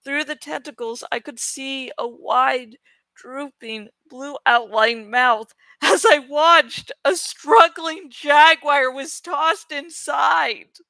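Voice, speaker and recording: A woman's voice: sits high, takes it slowly, pushed and bright, no room sound, low-quality recording. A woman reading a novel aloud with dramatic, emphatic narration. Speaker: audiobook reader.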